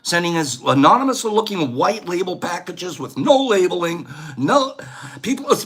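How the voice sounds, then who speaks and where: A man's voice: high-pitched, very animated, normal speed, a bit bright, husky. A man hosting a casual vlog, rambling and lecturing as he talks. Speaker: host.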